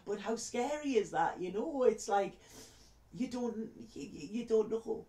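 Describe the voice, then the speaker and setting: A woman's voice: fairly high pitch, lively intonation, a little slow, dark tone, echoey room. A woman, a tarot reader telling a heartfelt story to camera in a chatty way. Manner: heartfelt, chatty, repeats words.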